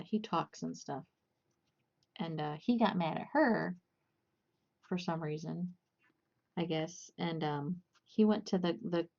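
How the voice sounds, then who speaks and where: Young woman chatting away on a crochet stream, low-ish voice, muffled lo-fi audio, lots of um and like. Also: darkish tone. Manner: rambling, chatty, many fillers and restarts. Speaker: crochet livestream host. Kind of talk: casual chat while crocheting.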